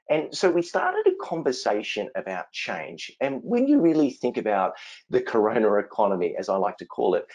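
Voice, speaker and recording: A man's voice: fairly low pitch, big pitch swings, moderate pace, darkish tone, poor audio. A man with an Australian accent presents a webinar in an upbeat, joking way. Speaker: webinar presenter, innovation consultant. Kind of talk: presentation with jokes.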